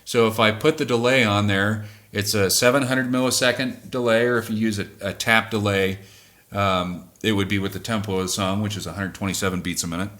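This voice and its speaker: Male band singer, lower register, measured and self-correcting explainer. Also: steady tone, fairly bright tone. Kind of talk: explaining music production.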